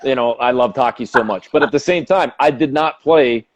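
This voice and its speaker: A man's voice: medium pitch, normal speed. A man from Canada hosting an interview, asking long rambling questions. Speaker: podcast host. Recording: dull lo-fi audio.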